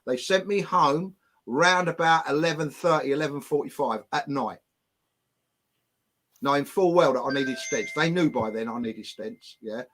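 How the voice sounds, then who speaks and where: A man's voice: a little high, normal speed, a bit bright, slight background noise. Blunt, swearing Englishman telling stories. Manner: blunt, heavy swearing, defiant. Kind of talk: casual chat, storytelling.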